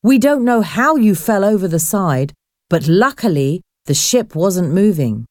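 A woman voicing a kindly ship's nurse who speaks calmly and reassuringly with a mellow tone. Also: mid-range voice, unhurried, no room sound, studio quality.

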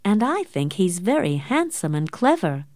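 A romantic, fond middle-aged aunt with an eager, gushing way of talking, pitched higher as a woman reads her in a storybook. The recording is close and dry, and her pitch moves a lot. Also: very animated, normal speed, a little mellow, no echo.

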